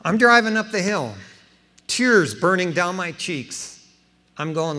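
A man in his fifties preaching a folksy, animated sermon as pastor, acting out dialogue as he tells stories. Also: sits high, slow pace. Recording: long hall reverb.

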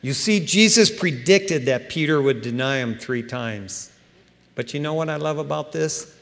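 A man preaching a sermon as pastor, animated and emphatic, with casual asides to his congregation. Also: fairly high pitch, measured pace, vocal fry. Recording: long hall reverb.

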